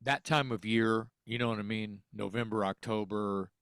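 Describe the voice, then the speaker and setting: A man's voice: fairly low pitch, steady tone, moderate pace, fairly bright tone, clear, resonant tone, no room sound, studio quality. A man who sings and teaches music, from Texas, telling a story in casual conversation, acting out phone calls and swearing freely. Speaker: interview guest, singer.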